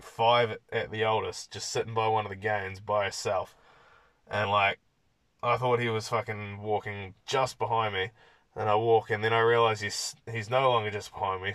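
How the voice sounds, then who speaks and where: A man's voice: on the low side, fairly bright tone, dry recording. A young man hosting a podcast, telling rambling stories in casual talk full of swearing. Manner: profane, rambling storyteller. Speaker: podcast host. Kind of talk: casual monologue.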